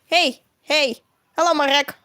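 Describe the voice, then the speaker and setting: Woman streaming her comic drawing, kinda high voice, rambly, keeps coughing. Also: steady tone, unhurried, pushed and bright, slight background noise. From Russia. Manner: rambling, self-correcting, frequent coughs. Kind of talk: casual live-stream chat while drawing.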